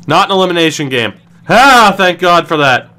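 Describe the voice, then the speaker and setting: Animated gaming streamer man, lively swings. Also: high-pitched, moderate pace, clean tone. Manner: animated, swings from groaning to shouting. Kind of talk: excited play-by-play commentary.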